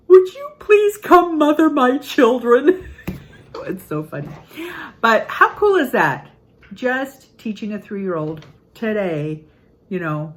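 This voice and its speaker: An older woman, a grandmother, giving an earnest, upbeat casual talk on parenting, acting out quotes in lively voices. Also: fairly low pitch, rough recording. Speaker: parenting channel host.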